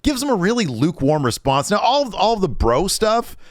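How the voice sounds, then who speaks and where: A man co-hosts a casual wrestling recap, his pitch jumping around as he acts out what each wrestler said. The sound is dry and close, with no room at all. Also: dry recording. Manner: animated retelling, quoting wrestlers in quick shifts of voice. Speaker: podcast co-host.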